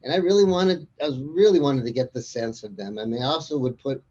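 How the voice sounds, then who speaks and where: A man's voice: medium pitch, fast talker, dark tone, lo-fi sound. A man as an interview guest, chatting casually and rambling through anecdotes with frequent chuckles. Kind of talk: casual conversation.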